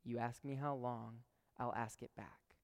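A man's voice: medium pitch, steady tone, a little slow. A young man preaching a sermon, telling a story and talking earnestly to the crowd. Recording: long hall reverb.

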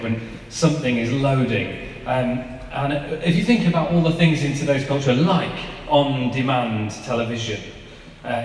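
A man, giving an informal sermon in a chatty, conversational way with lots of fillers. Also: mid-range voice. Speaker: preacher. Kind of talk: informal sermon with family anecdotes. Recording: echoey hall, mic at a distance.

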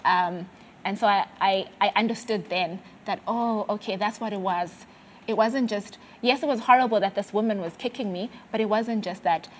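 A medium-pitched South African woman tells her personal faith testimony conversationally, with a little background noise present. She comes across as earnest, though halting, repeatedly restarting and filling pauses.

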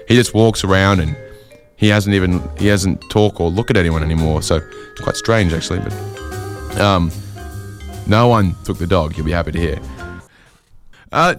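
A man telling a long, wry anecdote in a casual, chatty way, with quick asides and fillers. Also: fairly low pitch. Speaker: storyteller.

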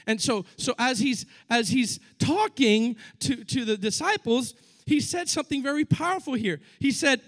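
Male preacher, middle-aged, very high voice, animated delivery, slangy retellings. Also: fairly quick. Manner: animated, acts out biblical dialogue in casual slang. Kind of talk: sermon.

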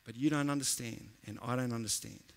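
A man voicing God as gentle and compassionate, speaking in soft, slow, hushed reassurance. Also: mid-range voice, steady tone, gravelly, long reverb tail, pitched below the performer's own voice, lightly acted. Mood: tender.

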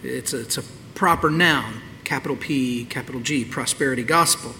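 A man's voice: medium pitch, normal speed, pushed and bright, in a large hall, slight background noise. A man preaching a sermon as the pastor of his church, talking in a candid, conversational way. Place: church sanctuary.

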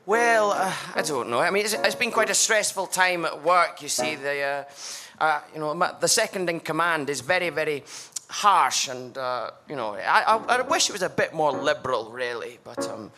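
A man's voice: a little high, animated, moderate pace, hardly any pauses, crowd noise. A man playing a flustered, fawning zeppelin crewman in an improvised comedy audio drama, stammering and giggly, with music behind.

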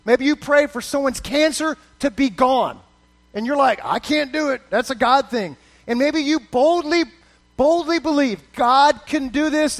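A man preaching a conversational sermon to a congregation, acting out quoted prayers and often restarting his sentences. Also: very high-pitched. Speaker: pastor.

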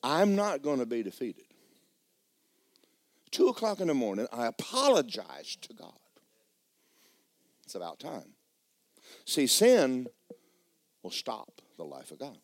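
A male pastor preaching a sermon with animated, folksy, joking storytelling. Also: mid-range voice, a little slow, long pauses, dry recording, clean studio sound.

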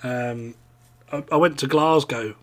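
A man's voice: mid-range voice, unhurried, a bit bright. Rambling, sweary East Anglian man. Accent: East Anglian English. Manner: rambling, sweary, hesitant with many fillers. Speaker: podcast co-host. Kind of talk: casual podcast chat.

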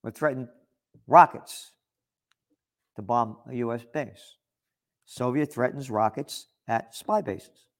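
A man's voice: mid-range voice, takes it slowly, pauses often. A man delivering an opinion monologue, reading out news articles and rebutting them in a sarcastic, indignant tone. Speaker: political commentator.

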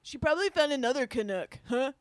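A woman's voice: high-pitched, expressive, quick pace, no room sound. A woman playing a laid-back male surf shop guy who drawls with lots of fillers in an improvised comedy sketch.

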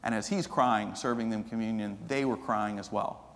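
A man preaching a sermon as pastor, telling a story that moves from animated to hushed and earnest. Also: lowish voice, moderate pace. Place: church sanctuary. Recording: long reverb of a church hall.

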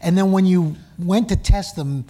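A man interviewing a guest on stage before a live audience, trading teasing, wry jokes in a relaxed conversation. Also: high voice, moderate pace. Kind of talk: casual onstage conversation.

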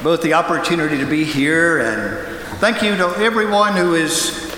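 A man preaching a sermon as a guest pastor, storytelling with pointed pauses, heard in a large church sanctuary over a pulpit mic. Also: a little high, lively intonation, background noise. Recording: echoey hall with long reverb.

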